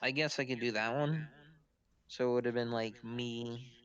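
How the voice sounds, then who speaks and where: A man's voice: mid-range voice, steady tone, normal speed, a bit bright, clean tone, highs cut off. A man playing in a tabletop game, talking in an offhand, casual way. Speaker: player.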